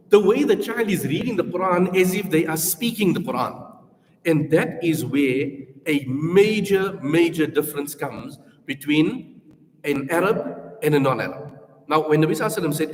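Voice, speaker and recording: A man with a South African accent presenting a school Quran programme to parents, talking earnestly through numbered points and modelling recitation aloud. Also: fairly high pitch. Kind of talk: information session talk to parents. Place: school hall. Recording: echoey hall reverb.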